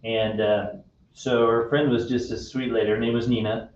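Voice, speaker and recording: A man's voice: medium pitch, level tone, darkish tone, a little hiss or hum. Man host telling a story in an echoey room. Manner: storytelling, unhurried and friendly. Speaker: radio show host. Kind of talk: casual faith-based chat. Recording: echoey room, distant dull mic.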